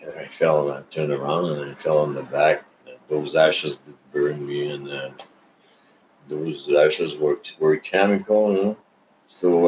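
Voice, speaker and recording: A man's voice: very deep voice, a little mellow. A man who is talking casually to his followers. He rambles and halts, with many restarts and fillers. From Canada. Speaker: vlogger. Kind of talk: casual personal chat to followers. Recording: dull lo-fi recording with faint noise.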